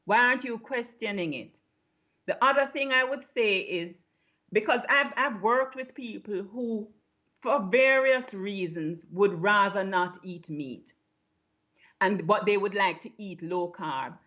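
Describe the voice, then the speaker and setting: A woman's voice: mid-range voice, measured pace, sharp tone. Emphatic Jamaican woman, dull call audio. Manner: emphatic, repeats rhetorical questions. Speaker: guest, low-carb diet advocate. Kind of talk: interview answers.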